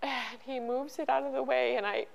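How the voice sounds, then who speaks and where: A middle-aged woman telling a personal story as an interview guest, halting and emotional, with many restarts. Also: high-pitched, steady tone, creaky, rough recording. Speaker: podcast guest.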